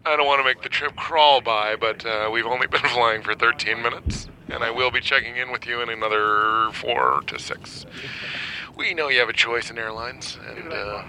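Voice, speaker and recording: A man's voice: mid-range voice, moderate pace, pushed and bright, a little hiss or hum, poor audio. A man playing a male airline captain on the intercom who keeps cracking up mid-announcement. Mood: giggling. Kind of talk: comedy bit.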